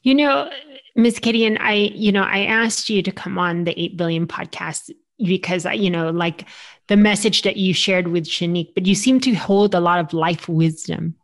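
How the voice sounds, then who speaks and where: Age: adult. Sex: woman. Role: podcast host. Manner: halting. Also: on the low side. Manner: hesitant, many fillers and restarts. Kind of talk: podcast interview.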